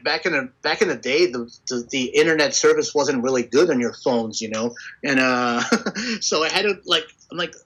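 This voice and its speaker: A man with a high, bright voice sits for an interview about his work as a tour manager. He tells his stories in a loose, animated way, filled with "like" and frequent laughter. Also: rough recording. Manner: animated, laughing storyteller full of "like". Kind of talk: casual storytelling interview.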